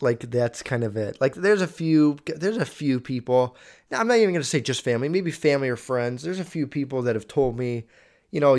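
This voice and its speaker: A young man riffs through a list in a loose, crude monologue, swearing freely between lines. His voice sits at an ordinary middle pitch, and he often trips over longer words as he reads them aloud. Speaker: vlogger. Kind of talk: casual profane monologue.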